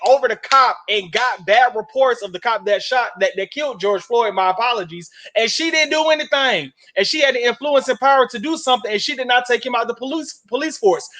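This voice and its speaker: A man co-hosting a talk show, speaking in a measured, reflective way that turns quick and pointed as he makes his case. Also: sits high, fairly bright tone. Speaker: podcast co-host. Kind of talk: panel commentary.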